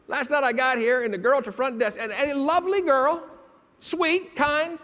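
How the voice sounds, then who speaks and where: A man's voice: extremely high pitch, moderate pace. A man giving a comedic storytelling keynote to an audience, acting out the voices of people in his stories. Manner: animated, acts out quoted voices. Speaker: keynote speaker. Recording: long hall reverb.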